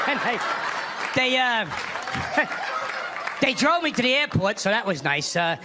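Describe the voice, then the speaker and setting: A man's voice: very high voice, moderate pace, long pauses. A man doing a stand-up comedy set, telling stories and acting out characters. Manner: animated storytelling, acts out characters. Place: comedy club stage. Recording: live club recording with crowd noise. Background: laughing audience.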